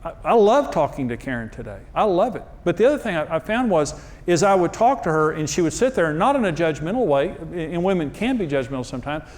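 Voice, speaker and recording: This middle-aged man, a pastor who teaches on marriage, delivers a humorous sermon before a live crowd, spinning homespun stories and voicing the characters he quotes. He talks fast and with great animation, barely pausing, in a fairly high but darkish voice.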